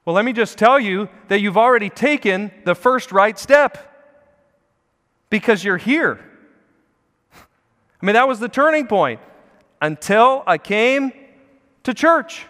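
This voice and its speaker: A man preaching a sermon, earnest, swelling louder and slower on key phrases. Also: sits high, animated, long reverb tail. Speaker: pastor. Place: church sanctuary.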